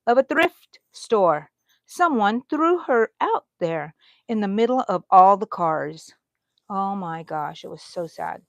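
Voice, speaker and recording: This crochet livestream features a middle-aged woman talking casually with her audience as she works, reading comments and yawning again and again. Her voice is medium-pitched, with no echo and the highs cut off.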